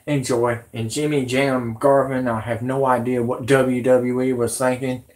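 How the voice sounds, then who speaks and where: A man's voice: medium pitch, flat delivery, unhurried, a little mellow. A man hosting a vlog, ranting in a rambling, indignant way and swearing. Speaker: vlog host.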